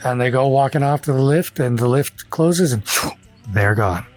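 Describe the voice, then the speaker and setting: A man narrating a tabletop game as game master in a relaxed way with fillers. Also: medium pitch, moderate pace, faint music behind.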